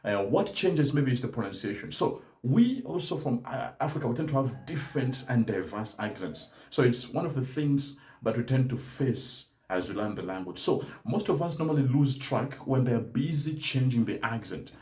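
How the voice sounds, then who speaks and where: A man's voice: medium pitch, expressive, normal speed, few pauses, a little mellow, reverberant. A man teaching German learners in a live-stream talk, speaking emphatically and often adding "right?" to his points. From Kenya. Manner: emphatic, tags statements with "right?".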